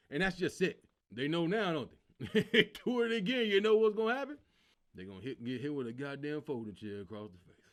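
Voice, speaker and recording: Animated high-voiced male comedian. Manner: animated storytelling, acting out quotes, shouting at peaks. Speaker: comedian host. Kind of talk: energetic stand-up style commentary.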